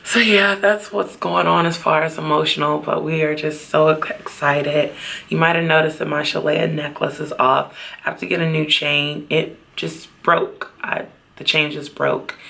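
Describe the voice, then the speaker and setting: A woman talking in a personal vlog outdoors at a beach, halting and heartfelt, at times close to tears. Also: low-pitched, level tone, vocal fry, bright, forceful tone. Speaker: vlogger.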